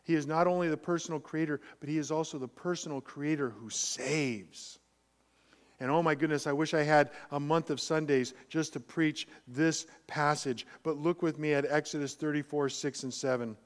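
A man preaching a sermon as pastor, emphatic, swinging between quiet and loud passages. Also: fairly high pitch, fairly even intonation, moderate pace, long reverb tail.

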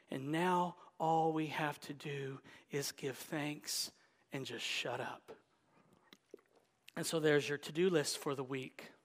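Slow, emphatic male preacher in a reverberant hall. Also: on the high side. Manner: emphatic, swings from loud exclamations to hushed whispers. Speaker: pastor. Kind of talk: Easter sermon. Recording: long reverb of a large hall.

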